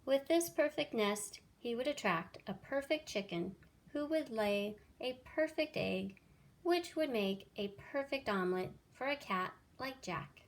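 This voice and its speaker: A woman teacher reading a children's picture book aloud with expressive storytelling. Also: a little high, unhurried.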